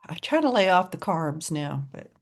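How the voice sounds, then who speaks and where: Southern US woman, podcast co-host, lowish voice, chatty storyteller who laughs often. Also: very animated, unhurried. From American South. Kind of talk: casual chat.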